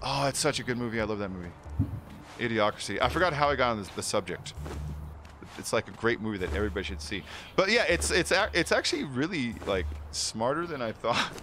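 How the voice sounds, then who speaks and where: A man's voice: mid-range voice, animated, fast, pushed and bright, slight background noise. A man chatting casually while streaming a game, rambling through movie stories and laughing often. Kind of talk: casual gaming stream chat.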